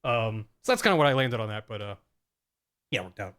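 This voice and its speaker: A man's voice: lowish voice, sing-song, a little fast, fairly bright tone. A young man streaming, giving rambling, self-deprecating casual commentary full of fillers and laughs.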